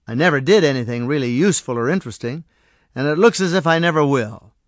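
A man's voice: medium pitch, lively intonation, brisk, dry recording, clean studio sound, close to an everyday voice. A man doing a bitter, frustrated young clerk. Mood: despairing. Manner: loud, bitter and scoffing.

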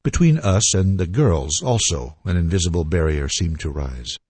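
Deep, husky man reading a novel aloud. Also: dry recording. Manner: lively, expressive storytelling, slowing for reflective passages. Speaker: audiobook reader. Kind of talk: scripted narration of a classic novel.

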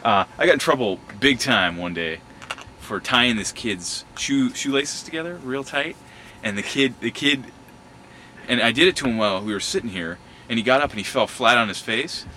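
Bright-voiced man reminiscing outdoors. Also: medium pitch, moderate pace, a little hiss or hum, rough recording. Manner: animated, acts out quotes and sound effects, laughs often. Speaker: storyteller revisiting his old school. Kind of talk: casual reminiscing. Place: outdoors at a schoolyard.

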